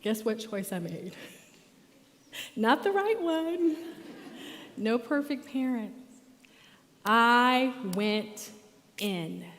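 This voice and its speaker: A middle-aged woman therapist telling a lively story as guest speaker at a church. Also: a little high, drawn-out words, long pauses, slight background noise. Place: church auditorium. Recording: long reverb of a church hall.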